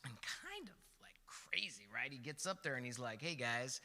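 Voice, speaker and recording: A man's voice: mid-range voice, huge pitch swings, moderate pace, pushed and bright. A young man giving a casual, conversational sermon at a young adults service, telling stories with chatty asides. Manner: chatty, storytelling, with many "like" and "right?" asides. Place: church hall. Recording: long hall reverb with faint music.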